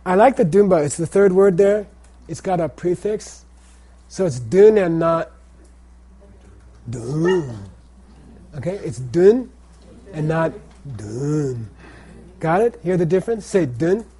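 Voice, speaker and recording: A man's voice: high-pitched, moderate pace, warm tone. A man teaching a language class, drilling pronunciation by saying words and having students repeat them.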